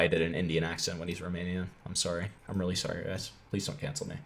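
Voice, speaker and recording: A man's voice: deep voice, little pitch movement, fast talker. Profane sarcastic young man commenting. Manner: sarcastic, profane, often laughing. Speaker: commentary video host. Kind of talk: casual reaction commentary.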